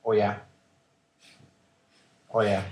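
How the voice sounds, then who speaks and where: A man's voice: on the low side, level tone, very slow. A man as an interview guest, telling a personal story in an emphatic, insistent way and acting out the exchanges. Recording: roomy echo.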